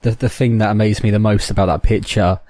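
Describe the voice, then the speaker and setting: A man's voice: lowish voice, fairly even intonation, quick pace, warm tone, dry recording, studio quality. A man co-hosting a casual gaming podcast, talking in an easygoing and giggly way. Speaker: podcast co-host.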